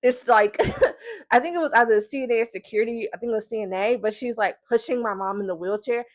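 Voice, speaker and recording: A woman vlogger telling a story to camera in a lively, casual way, laughing often and using lots of filler words. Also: on the high side, fast talker, no echo. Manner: animated, breaks into laughter, many filler words.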